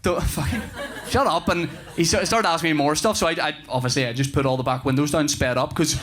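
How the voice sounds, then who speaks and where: A man doing an animated, sweary stand-up routine. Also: on the high side, fast talker. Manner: animated, swearing, breaks into flustered stammering. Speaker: stand-up comedian. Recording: noisy live recording.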